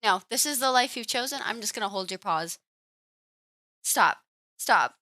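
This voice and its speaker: A woman streams from home in a loose, chatty way, fussing over and scolding her cat as she sets up her game. Her voice is bright and a little high. It sits dry and close to the mic. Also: fast, no echo. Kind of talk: casual live-stream chat. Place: home room.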